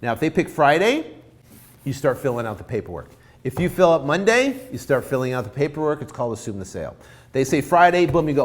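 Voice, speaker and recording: A man's voice: mid-range voice, fast talker. A man giving informal coaching on real estate deals, acting out both sides of a negotiation. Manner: animated, acts out both sides of a deal.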